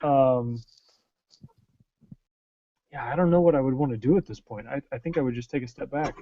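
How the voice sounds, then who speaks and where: A man playing a tabletop game, speaking quietly and low-key. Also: normal speed, a little hiss or hum. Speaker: player. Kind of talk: casual tabletop play. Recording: dull lo-fi sound from a little way off.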